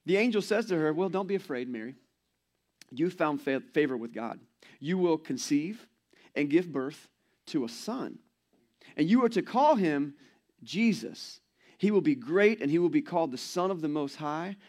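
A man's voice: a little high, lively intonation, normal speed, a little mellow. A man in his forties preaching a sermon as pastor, in a conversational, playful way and acting out quoted voices.

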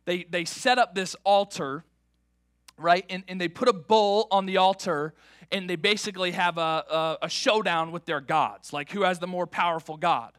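A man preaching a sermon to his church, animated and repeating words as he builds each point. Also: sits high, normal speed, dry recording, studio quality. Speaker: pastor.

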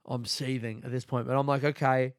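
A young man tells a comic story on his podcast, animated and swearing freely as he acts out the people in it. His voice sits at a middle pitch, and the recording is dry and close with no room sound. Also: brisk, dry recording. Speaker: podcast host. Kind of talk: comedic storytelling.

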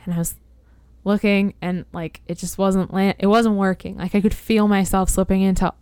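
A woman's voice: mid-range voice, little pitch movement, normal speed, dark tone, clear, resonant tone, dry recording. A woman guest chatting casually on a podcast and telling stories. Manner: chatty, storytelling with playful put-on voices. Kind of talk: casual chat.

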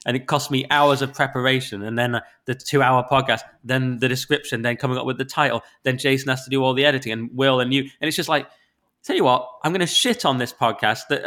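A man with a Northern English accent talks in his middle register, ranting about listener reviews. He is exasperated and sweary, and his voice leaps up in sudden loud spikes. He is getting over the flu, yet he keeps the casual back-and-forth of a podcast chat. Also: medium pitch, steady tone, fast. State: recovering from flu. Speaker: podcast co-host.

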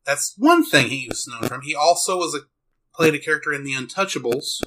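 A man co-hosting a podcast, chatting casually and rambling with quick asides and restarts. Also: a little high, pushed and bright, low-quality recording. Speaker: podcast co-host. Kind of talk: casual chat.

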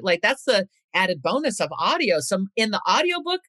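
A woman in her fifties, an author being interviewed, who chats and reads from her book with expressive shifts in pace. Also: medium pitch, no echo. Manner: expressive, slows down and speeds up for emphasis. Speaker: author and guest. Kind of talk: interview chat and reading from her own book.

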